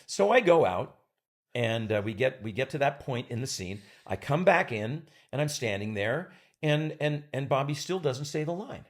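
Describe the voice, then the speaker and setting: A man in his sixties, an actor appearing as a guest, tells a backstage story during a chat at a moderate pace. His medium-pitched voice is animated, and he acts out other people's lines.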